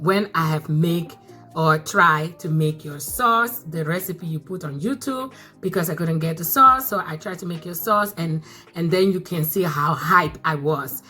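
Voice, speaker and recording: Excitable woman with a bright voice. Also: deep voice, a little slow, faint music behind. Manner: excitable, repeats phrases, bursts of laughter. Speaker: mukbang vlogger. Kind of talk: casual chat to camera.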